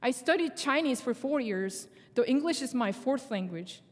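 A long hall reverb surrounds this young woman's high voice as she gives a sermon testimony. A native Korean speaker with a Korean accent, she acts out dialogue in animated storytelling, her phrasing halting.

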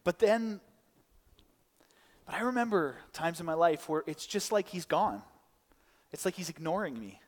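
A man's voice: a little high, lively intonation, normal speed, long pauses, long reverb tail. A man preaching a conversational sermon, often restarting and adding side notes. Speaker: pastor. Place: church.

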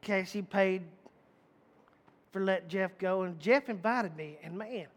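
A man's voice: high voice, slow. A male preacher giving a conversational sermon, folksy and emphatic, repeating phrases and restarting sentences as he talks.

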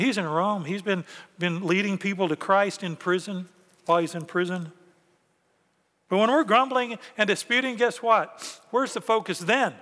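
A man's voice: high-pitched, a bit bright, long reverb tail. A man preaching a conversational sermon as pastor, acting out quoted thoughts along the way. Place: church sanctuary.

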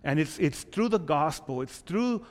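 A male pastor preaching a sermon and telling a joke in an animated storytelling manner. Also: on the high side, unhurried, long reverb tail. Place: church.

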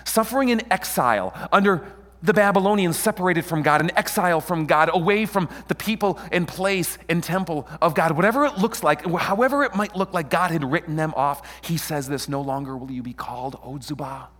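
A middle-aged man preaching a sermon as pastor, animated and playful, often questioning and joking with his congregation. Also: fairly high pitch, brisk, long reverb tail. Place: church sanctuary.

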